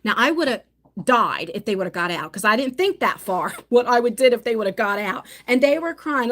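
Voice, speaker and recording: A woman's voice: fairly high pitch, expressive, brisk, fairly bright tone. A middle-aged woman chatting casually on a live phone stream, telling family stories with many restarts. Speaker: vlogger.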